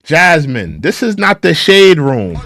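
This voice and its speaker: A man's voice: fairly high pitch, huge pitch swings, slow pace, a bit bright. A man hosting an opinion show, giving critical commentary on clips and repeating his phrases for emphasis.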